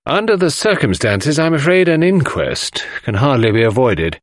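A man's voice: medium pitch, big pitch swings, no echo, clean studio sound, pitched above the performer's own voice, natural voice. A man voicing a portly, fussy little older male doctor who drags out his words in an audiobook reading. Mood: brisk. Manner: fussy, drawn-out murmuring.

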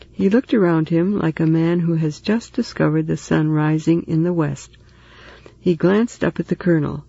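A man reading a story aloud in steady, even narration. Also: a little high, creaky, slightly rough, dry recording, lo-fi sound. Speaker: audiobook narrator. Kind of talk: scripted narration.

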